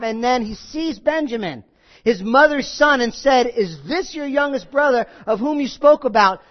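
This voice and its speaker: A man preaching a sermon in a conversational, animated way, with frequent asides. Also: extremely high pitch, lo-fi sound. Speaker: pastor.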